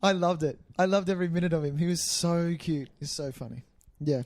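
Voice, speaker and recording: A man co-hosting a film podcast in casual chat, excitable and quick to laugh. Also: on the high side, no echo. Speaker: podcast co-host.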